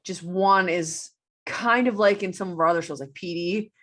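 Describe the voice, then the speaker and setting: A woman with a somewhat low voice chats casually with a co-host about her favorite TV characters. She talks eagerly and laughs often. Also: normal speed, a bit bright. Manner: chatty, laughs often, enthusiastic. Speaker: podcast co-host.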